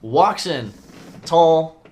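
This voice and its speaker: A man's voice: a little high, expressive, very slow, darkish tone. A man running a tabletop game, narrating casually with fillers and answering players in character. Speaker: game master.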